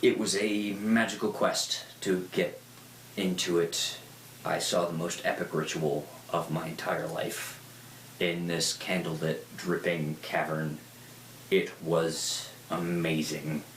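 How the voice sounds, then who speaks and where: A man's voice: sits low, slow pace, a little hiss or hum. A man giving a casual, rambling talk, telling stories and swearing freely. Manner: rambling, profane, lively storyteller. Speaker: speaker. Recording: roomy echo.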